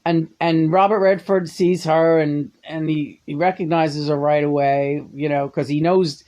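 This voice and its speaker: A woman's voice: low voice, fairly even intonation, unhurried, dark tone. A woman casually ranting about a film, sarcastic and profane, often laughing as she talks. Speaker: movie reviewer. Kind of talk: casual rambling monologue.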